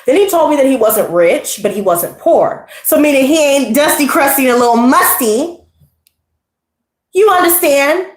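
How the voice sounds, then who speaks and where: A woman with a high voice chats casually with her live audience, animated, profane and full of slang. She laughs often and tells her story with lots of energy. The room around her gives a noticeable echo. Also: normal speed. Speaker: tarot channel host.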